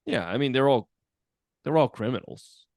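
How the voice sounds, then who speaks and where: A man's voice: medium pitch, animated, moderate pace, creaky, darkish tone, no echo, clean studio sound. A man who teaches, co-hosting a podcast in casual chat, laid-back, swearing and laughing often.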